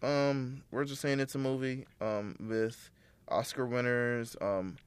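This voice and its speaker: A man's voice: medium pitch, steady tone, slow, smooth, no echo. A man co-hosting a casual podcast chat, giving rambling, profane opinions with lots of fillers.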